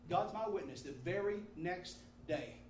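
A sweating man preaching a sermon full of personal testimony, fervent and repetitive, breaking into shouts. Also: high-pitched, expressive, moderate pace. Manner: fervent, repeating phrases, bursts into shouting. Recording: echoey hall from far off with background noise.

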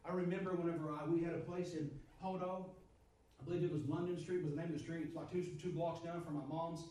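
A man's voice: on the high side, fairly even intonation, fast, warm tone, echoey room, far from the mic, rough recording. A man preaching a sermon, emphatic and repetitive, his voice swelling and dropping. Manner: repetitive, emphatic, rises and drops in volume.

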